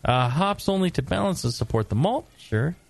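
A middle-aged American man co-hosting a casual brewing talk show, joking and lively, sometimes putting on gruff voices. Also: a little high, normal speed, dry recording. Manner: animated, joking, mock-gruff put-on voices. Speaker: podcast co-host, brewing expert. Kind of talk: casual chat.

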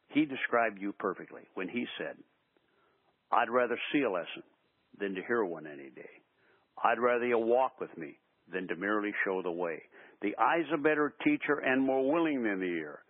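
An older man, a basketball coach, tells animated stories in a radio interview, acting out the quotes. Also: on the low side, no echo. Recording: tinny phone-line sound.

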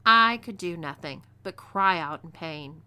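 A woman with a Texan twang narrating a scripted first-person western story with expressive delivery. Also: lowish voice, measured pace, clear, resonant tone. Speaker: narrator, audio story reader.

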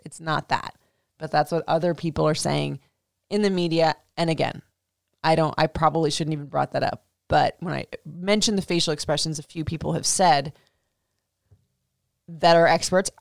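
A woman podcast host giving a casual, animated recap rant about a reality show. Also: on the low side, creaky, no echo, clean studio sound. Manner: animated, indignant, swearing.

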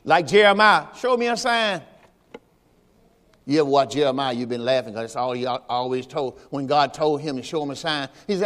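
A man's voice: mid-range voice, lively intonation, fairly quick, a bit bright, in a large hall. A man preaching a Sunday sermon as pastor, in a folksy style that mixes scripture quotes with rhetorical questions. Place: church during Sunday service.

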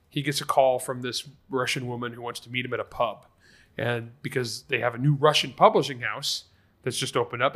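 Bright-voiced storytelling man. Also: medium pitch. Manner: lively storyteller. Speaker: podcast host. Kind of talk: casual anecdote telling.

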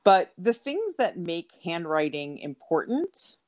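A woman talking in a relaxed chat who tells stories with frequent laughter. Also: fairly low pitch, slow pace. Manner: animated storyteller, laughs often. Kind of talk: casual conversational chat.

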